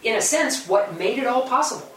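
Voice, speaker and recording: Woman, group participant, hesitant and measured, off-mic, roomy echo. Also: on the high side, lively intonation. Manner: measured, hesitant, with ums and uhs. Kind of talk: reflective group discussion. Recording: distant from mic, roomy echo, faint hiss.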